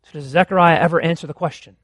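A man preaching a sermon as pastor of his church, impassioned and rising to loud exclamations. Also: on the high side, steady tone, rapid-fire, dry recording, clean studio sound.

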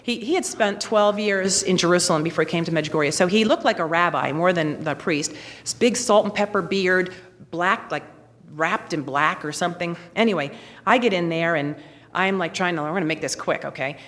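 A woman in her forties giving a lively personal testimony, acting out the voices of people in her story. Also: on the low side, normal speed. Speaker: speaker telling her faith story. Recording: long reverb, hall.

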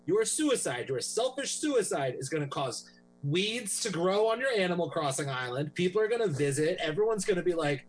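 A man's voice: high-pitched, big pitch swings, normal speed, a little hiss or hum, rough recording. A man hosting a comedy podcast in casual chat, swinging between joking and earnest. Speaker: podcast host.

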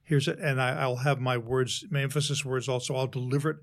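A man who works as a speechwriter, talking in a measured, explanatory way in an interview and walking through worked examples. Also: mid-range voice, little pitch movement. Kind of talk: conversational interview.

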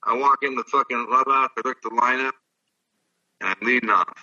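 A man's voice: mid-range voice, fairly even intonation, brisk, pushed and bright, recorded from a distance, muffled recording. Profane older man telling stories. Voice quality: profane, rambling. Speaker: guest, former baseball player. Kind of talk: casual storytelling.

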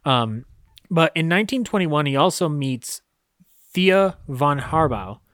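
A man's voice: on the high side, expressive, measured pace, a bit bright, no echo, clean studio sound. A man co-hosting a podcast, talking casually about old films with many fillers and frequent laughs. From United States. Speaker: podcast co-host. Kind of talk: casual film discussion.

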